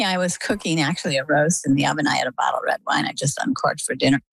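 An older woman from Maine, a guest telling her own story in a chatty, lively way. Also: deep voice, fast talker, gravelly, breathy edge, dry recording. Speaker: interview guest. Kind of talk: casual storytelling.

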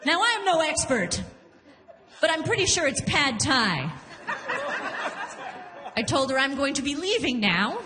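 Brief: high-pitched female comic on a handheld mic, lively, long reverb of the venue. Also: measured pace, long pauses. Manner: animated, laughs through punchlines, jumps into character voices. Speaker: stand-up comedian. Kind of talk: stand-up comedy set. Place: comedy club stage.

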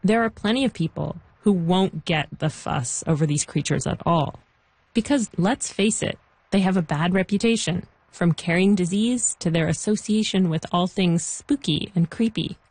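A woman reporter giving measured, clearly scripted documentary narration. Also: lowish voice, a little mellow, dry recording, rough recording. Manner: measured, clear storytelling delivery.

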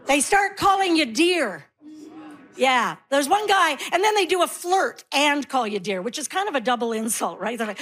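Wry high-voiced woman in her sixties doing stand-up. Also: very animated, a bit bright. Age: 60s. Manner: wry, punchy delivery with quick asides. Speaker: stand-up comedian. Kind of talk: stand-up comedy set.

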